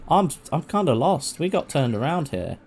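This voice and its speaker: A man's voice: on the high side, very animated, normal speed, a little mellow, slight background noise. Brief: guy streaming a game, jokey and meandering, bouncy intonation. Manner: rambling, joking, swears casually. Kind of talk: casual let's-play commentary.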